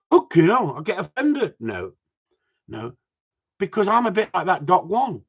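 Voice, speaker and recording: Male streamer, husky, animated swearing storyteller, lively pitch, lo-fi sound. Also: measured pace. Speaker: live stream host. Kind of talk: casual ranting chat.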